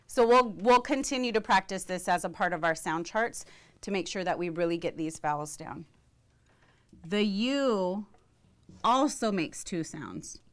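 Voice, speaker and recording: Slow, smooth-voiced woman teaching a class. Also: fairly low pitch, expressive. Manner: slow, careful, modeling sounds for students. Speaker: language teacher.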